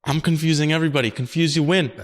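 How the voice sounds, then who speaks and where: A man's voice: on the high side, fairly even intonation, very fast. Young man rambling through a funny story. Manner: rambling storyteller, laughs often, swears freely. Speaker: podcast co-host. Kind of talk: casual chat.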